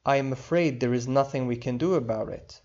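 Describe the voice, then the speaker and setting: A man teaching an online English lesson, saying each example phrase twice, slowly and clearly. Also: medium pitch, a little mellow. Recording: slightly dull lo-fi audio.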